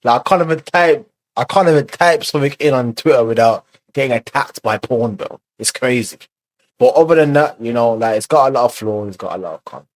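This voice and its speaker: A man's voice: medium pitch, brisk, no room sound. A man giving casual commentary as a reaction video host, loose and rambling, full of fillers and swearing.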